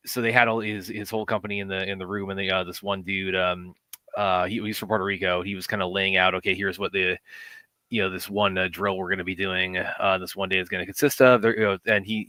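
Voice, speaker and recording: A man's voice: fairly low pitch, bright, forceful tone, no room sound. A man in casual chat, telling a story with many fillers and restarts. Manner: fast, hesitant with many fillers.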